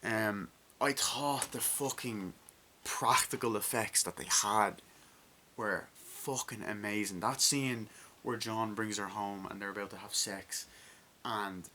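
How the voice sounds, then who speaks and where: Bright-voiced man rambling excitedly about a film. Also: on the low side, takes it slowly, a little hiss or hum. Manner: rambling, excited, frequent swearing and fillers. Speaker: movie reviewer. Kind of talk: casual spoken film review.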